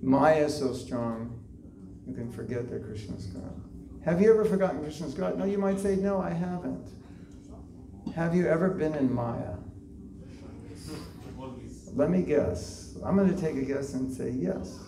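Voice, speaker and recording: A man's voice: a little high, normal speed, pauses often, dark tone. A man giving a devotional lecture at a temple class, talking in a conversational way, asking the listeners questions and using many fillers. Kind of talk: devotional lecture to a live group. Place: temple hall. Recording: echoey hall, voice from far off, faint noise.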